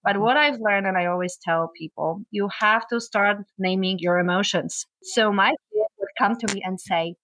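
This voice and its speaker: A woman's voice: medium pitch, moderate pace, hardly any pauses, no room sound, rough recording. A middle-aged woman from Poland speaks as a guest therapist in a casual podcast chat. She tells her stories with energy and acts out the lines her family says. Her voice is recorded dry, with very little room sound. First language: Polish. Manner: animated storytelling, acts out family quotes.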